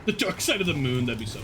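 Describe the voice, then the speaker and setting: A man's voice: on the high side, background noise. A young man from northern Alabama with a faint Southern US accent, chatting casually with his viewers and laughing often as he streams a game. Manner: chatty, laughs often, answers chat between plays. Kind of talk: casual live-stream chat while gaming.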